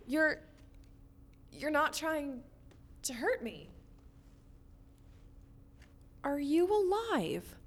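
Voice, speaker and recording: A woman's voice: high-pitched, slow, heavily acted. A woman playing a gloomy, morbid teenage girl who sighs and speaks moodily. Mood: startled. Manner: sighing, moody, breathless when excited.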